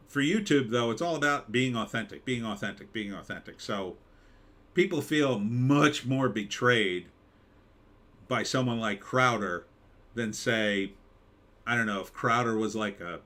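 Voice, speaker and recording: A man's voice: on the low side, bright, forceful tone. Rambling American man live-streaming. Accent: mid-Atlantic American. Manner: rambling, conversational, with mock announcer bits. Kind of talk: casual commentary reading chat.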